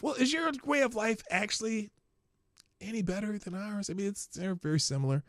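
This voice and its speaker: A high-pitched, brisk man with a Minnesota accent runs a livestream, reading news stories and adding sarcastic remarks he laughs at himself. The audio is studio quality with no room sound.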